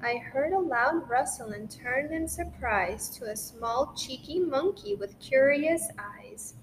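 A woman reading a rhyming children's picture book aloud in an expressive, sing-song way. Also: high voice, slow. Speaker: storybook reader. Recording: roomy echo with faint noise.

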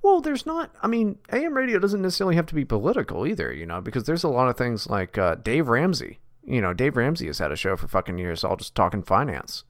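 A man's voice: medium pitch, very animated, fast talker, hardly any pauses, no room sound, studio quality. A man co-hosting a podcast, talking bluntly and profanely, mocking and ranting in casual chat. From West Virginia. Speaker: podcast co-host.

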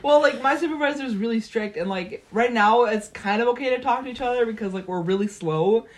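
A young woman chatting casually about her job, rambling with quick laughs. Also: fairly high pitch. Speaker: factory paperwork coordinator. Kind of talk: casual chat.

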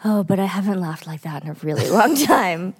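A woman in her thirties, a parent chatting casually and telling a family story with animated, laughing energy. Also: on the low side, fairly quick, husky, dry recording, clean studio sound. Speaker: parent, co-host. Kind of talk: casual chat.

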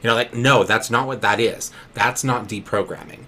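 Podcast co-host, male, low but bright voice, rambling delivery, faint noise behind. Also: moderate pace. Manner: rambling, restarts, many "right?" tags. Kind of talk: casual podcast conversation.

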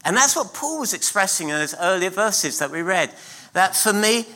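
A middle-aged man preaches in church with a high, lively voice that climbs and falls across each phrase. His tone is bright and forceful, and he hammers key words through repetition and deliberate pauses. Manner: emphatic preaching with repeated phrases and slow pauses. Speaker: pastor. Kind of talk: sermon.

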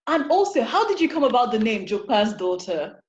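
A woman's voice: a little high, sing-song, a little fast. A woman hosting an interview show, enthusiastic and gushing. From Nigeria. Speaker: host. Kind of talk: casual interview chat. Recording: dull roomy home recording.

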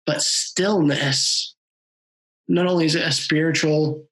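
A man's voice: on the high side, fairly even intonation, slow pace, a bit bright, rough recording. Earnest male podcast host. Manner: earnest, reflective, sometimes playful. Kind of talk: conversational interview.

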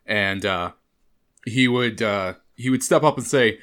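A man's voice: lowish voice, unhurried, a bit bright. A man playing a tabletop role-playing game, thinking aloud hesitantly about his character's actions, a little distant from the mic. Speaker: player. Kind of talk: tabletop play.

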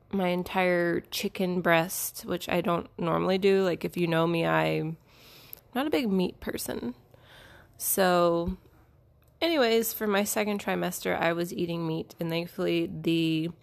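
A young woman hosting her own show tells personal stories in a loose, rambling way, full of fillers and little laughs. Her voice sits fairly low and carries a gravelly fry. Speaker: podcast host. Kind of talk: casual personal storytelling.

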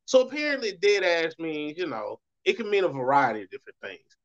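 Southern us man, fairly high voice, rambling casual monologue, muffled lo-fi sound. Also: wildly swooping pitch, fairly quick. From Southern United States. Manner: loose, rambling, swings voice up for quoted reactions. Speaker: show host. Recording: muffled lo-fi recording.

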